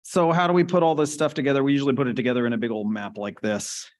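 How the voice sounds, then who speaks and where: Male conference speaker, casual lecture delivery, mid-pitched, keeps checking in with listeners. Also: steady tone, very fast, darkish tone. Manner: conversational, asks the audience "right?" often. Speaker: conference lecturer on stroke speech therapy. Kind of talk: clinical lecture.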